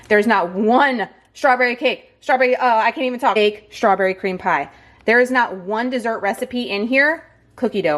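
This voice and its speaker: A woman, chatting excitedly to viewers in a home cooking vlog. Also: medium pitch. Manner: bubbly, excitable, talks to viewers as y'all. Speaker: keto vlogger. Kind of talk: casual cooking vlog chat. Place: home kitchen.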